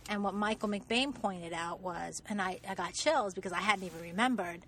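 A woman's voice: medium pitch, moderate pace, a crowd in the background. Chatty woman in a parked car. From Puerto Rican. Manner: chatty, emphatic, joking. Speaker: podcast co-host. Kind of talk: casual chat about soap operas.

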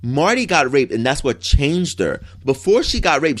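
A man co-hosting a casual chat, gushing and animated, quick to act out characters in little bursts. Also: on the high side. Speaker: soap opera fan co-host.

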